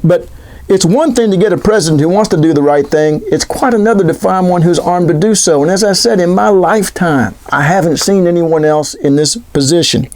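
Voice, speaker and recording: Sarcastic high-voiced man. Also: a little fast, darkish tone. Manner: sarcastic, mock-questioning, frequent restarts. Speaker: podcast host. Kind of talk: opinionated solo commentary.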